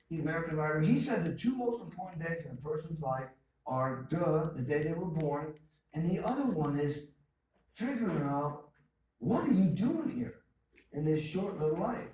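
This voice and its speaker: This college guest speaker has a high-pitched, darkish voice and delivers an emphatic, story-filled motivational talk with phrases he keeps repeating. The lecture hall audio sounds distant and echoey, with a little noise underneath.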